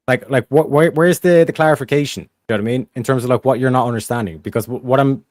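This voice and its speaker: A man in a heated casual debate, talking fast with many restarts and frequent swearing. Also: mid-range voice, darkish tone, dry recording, clean studio sound.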